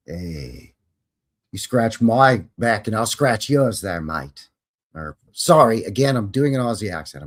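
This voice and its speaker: A man hosting a live show. He reads history aloud and breaks off for sarcastic, chatty ad-libs, often correcting himself. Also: fairly low pitch. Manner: wry, sarcastic ad-libs between read passages. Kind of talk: reading history aloud with casual asides.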